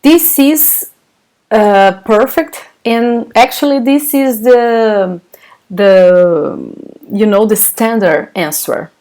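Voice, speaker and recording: A woman's voice: fairly high pitch, takes it slowly, darkish tone. A Brazilian woman with a Brazilian Portuguese accent, teaching her native language in English during a live online class, patiently explaining and answering chat questions.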